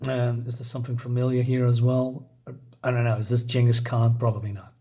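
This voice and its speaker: A man's voice: medium pitch, level tone, a little fast, warm tone. Amused, chatty man reviewing a comic. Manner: chatty, laughs often, amused and rambling. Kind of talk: casual comic review, reading panels aloud.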